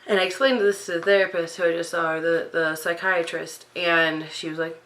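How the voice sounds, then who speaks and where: A woman's voice: lowish voice, fairly even intonation, fairly quick, fairly bright tone, poor audio. A young woman rambling in an unscripted vlog, full of fillers and restarts, sleep-deprived in the middle of the night. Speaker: vlogger.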